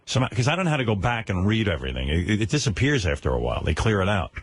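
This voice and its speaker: A male radio host with a husky, lively voice that swings up and down as he teases a caller. His sound is dry and close to a studio microphone, and he talks with brash, quick jokes. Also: lowish voice, no echo.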